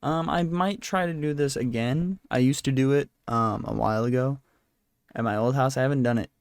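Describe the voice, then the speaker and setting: This podcast host sounds tired as he chats on his own, meandering, knocking himself down and apologizing again and again, speaking into a handheld mic at his desk. The voice is mid-range at a normal speed, in a dry, clean studio recording.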